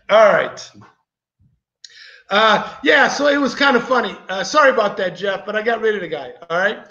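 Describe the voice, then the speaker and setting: A man's voice: high voice, expressive, moderate pace, pushed and bright. A man hosting a vlog, telling a rambling story to his viewers in a casual, chatty way. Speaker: vlogger host. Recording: echoey, slightly dull recording.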